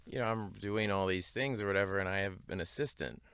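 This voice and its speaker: A man's voice: low voice, fast talker, a bit bright, a little hiss or hum. A man chatting as a podcast guest, rambling and self-deprecating with many restarts. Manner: rambling, self-deprecating, lots of restarts and "you know what I mean". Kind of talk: casual chat.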